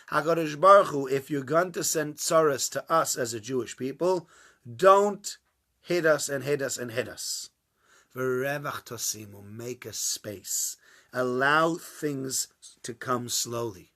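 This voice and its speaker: In a small, warm room with a few listeners, a man with a fairly high voice gives an informal Torah class to a small group. He acts out the dialogue, swinging from loud bursts to hushed asides.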